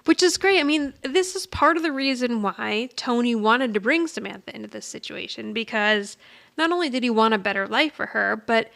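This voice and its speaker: A woman with a slightly high, gravelly voice co-hosts a podcast. She walks through each scene in a relaxed way, quoting the characters' lines and laughing often. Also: moderate pace. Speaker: podcast co-host. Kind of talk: casual recap chat.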